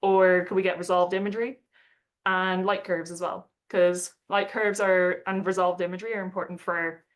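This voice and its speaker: A woman's voice: fairly low pitch, normal speed. Chatty young woman telling a story. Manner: chatty, quotes others in lively put-on voices, frequent likes and laughs. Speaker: astronomer giving a talk. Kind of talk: casual storytelling talk.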